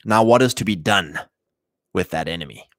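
In a low-pitched, expressive voice at a moderate pace, a livestream host rambles through informal political commentary, with many fillers and restarts, acting out the quotes. The sound is clean and studio-grade, free of echo.

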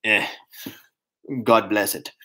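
A man with a South African accent, talking in a casual monologue, animated and mocking, breaking into put-on voices and laughs. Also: fairly low pitch, takes it slowly, poor audio. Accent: South African English.

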